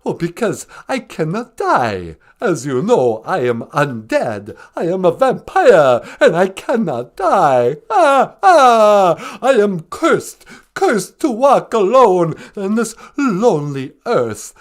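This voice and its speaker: Man doing a vampire count voice, mock Transylvanian drawl, "ah, ah" cackle, melodramatic, slow, swooping pitch. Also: wildly swooping pitch, heavily acted. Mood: tearful. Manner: slow, melodramatic, self-pitying. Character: theatrical brooding male vampire count. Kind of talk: comedic call-in sketch.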